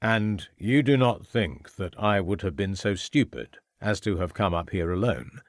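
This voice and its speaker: A man voicing a calm, resolute police inspector in an audiobook, speaking in a measured, firm way. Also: deep voice, dry recording, studio quality. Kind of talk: audiobook character voice.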